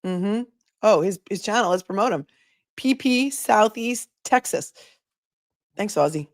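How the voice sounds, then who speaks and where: A woman attorney hosting a casual livestream, telling stories in a chatty, animated way and talking to her chat. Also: mid-range voice, measured pace, dry recording, studio quality. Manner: chatty, animated storytelling, reads chat aloud.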